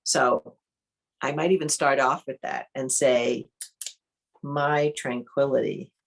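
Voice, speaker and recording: Slow, low-voiced woman teaching art. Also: creaky, breathy edge. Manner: calm, unhurried, thinks aloud while demonstrating. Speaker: art workshop instructor. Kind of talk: online interactive workshop teaching.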